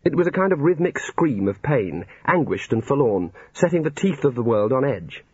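A man's voice: medium pitch, sing-song, moderate pace, breathy edge, no room sound. A man narrating a comic fantasy novel in a dry storytelling manner. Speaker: audiobook narrator. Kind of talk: scripted narration. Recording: dull lo-fi recording.

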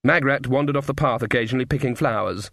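A man narrating a fantasy novel with wry, measured storytelling. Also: mid-range voice, creaky, fairly bright tone, no room sound, clean studio sound. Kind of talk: audiobook narration.

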